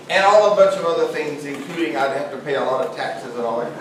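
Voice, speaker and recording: A middle-aged man teaching a class in a relaxed, joking, conversational way. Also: on the high side, fast, hardly any pauses. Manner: conversational, jokey, asks the class questions. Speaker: Islamic studies teacher. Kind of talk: classroom lecture. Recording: very echoey room, voice far from mic, faint hiss.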